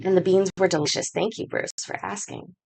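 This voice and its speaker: A woman's voice: fairly low pitch, a little fast, creaky, a little mellow, breathy edge. A woman hosting a casual chat, telling rambling stories with lots of swearing. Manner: rambling, profane storytelling. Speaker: stream host reacting to clips.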